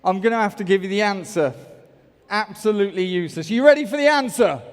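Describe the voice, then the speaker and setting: A man's voice: high voice, fast. Upbeat man speaking in a big hall. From United Kingdom. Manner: energetic, jokey, bantering with the crowd. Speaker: motivational speaker. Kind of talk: stage talk to a large audience. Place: large auditorium. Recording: echoey large hall.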